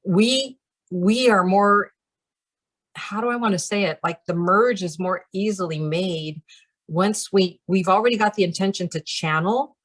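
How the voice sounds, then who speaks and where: A woman's voice: mid-range voice, unhurried. A woman leading a channeling practice group who talks in a casual, chatty way, with many fillers and light laughs.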